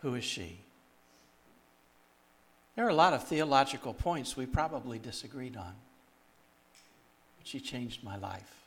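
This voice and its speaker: A man's voice: mid-range voice, lively intonation, unhurried, long pauses, a bit bright. Storytelling man preaching a sermon. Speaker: guest speaker and singer.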